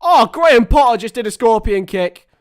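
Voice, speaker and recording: A man's voice: very high-pitched, animated, moderate pace. A man giving casual, chatty live commentary on a football match while talking to his viewers. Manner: chatty, reacts to viewer chat between play-by-play.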